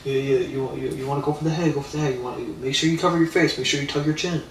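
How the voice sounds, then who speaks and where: A man's voice: mid-range voice, steady tone, rapid-fire, a little hiss or hum, close to an everyday voice. A man voicing an eager amateur boxing coach at a party who fires off repetitive instructions. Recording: roomy, distant mic.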